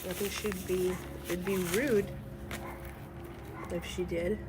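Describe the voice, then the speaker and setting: A woman streamer chatting casually to her viewers while gardening outdoors, excitable and quick to swear. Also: lowish voice, noisy background. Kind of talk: casual gardening vlog chat. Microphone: camera on a tripod.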